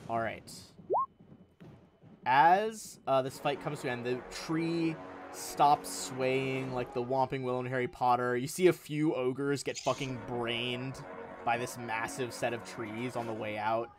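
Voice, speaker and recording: A man's voice: mid-range voice, steady tone, measured pace, faint music behind. A man narrating a tabletop game on a live stream as game master, in a casual, rambling way with many fillers.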